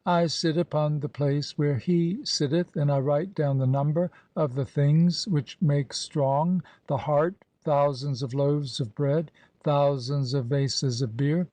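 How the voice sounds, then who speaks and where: A male audiobook reader delivers old scripture in a measured, solemn cadence. His voice sits a little high yet sounds mellow and dark. The recording is dry, with no room around it. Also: no echo. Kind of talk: scripted narration of an ancient religious text.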